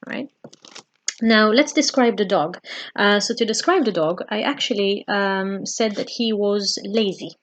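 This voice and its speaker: A patient woman teaches a relaxed home-study lesson at a steady middle pitch. She talks things through with gentle fillers and stops to repeat each phrase slowly. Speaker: French teacher. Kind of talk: home-learning language lesson.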